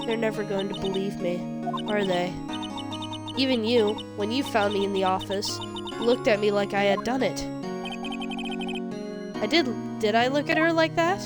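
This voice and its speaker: A woman's voice: moderate pace, long pauses, lightly acted. A woman voicing a nervous, earnest young woman who stammers, over game music. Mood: subdued. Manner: higher, stammering. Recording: video game music behind.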